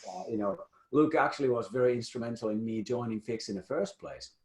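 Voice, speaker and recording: A man's voice: medium pitch, fairly quick, darkish tone, echoey room. A man hosting a podcast, chatting in a jovial, rambling way with frequent restarts. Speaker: podcast host. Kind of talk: casual interview chat.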